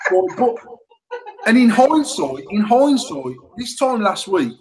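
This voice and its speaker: A man, co-hosting a casual banter podcast, talking in a sweary, excitable way and laughing often. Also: very high voice, extremely slow, rough recording. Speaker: podcast co-host, mod company owner.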